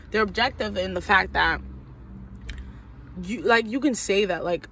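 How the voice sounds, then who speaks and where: Young woman venting in a storytime vlog. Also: medium pitch. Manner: venting, profane, animated retelling with quoted voices. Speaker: vlogger.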